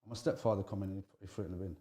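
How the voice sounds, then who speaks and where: Rapid-fire speech marks this middle-aged man, who is an interview guest. He openly relates stories of his youth, pitch swinging animatedly, frequently breaking off to begin again.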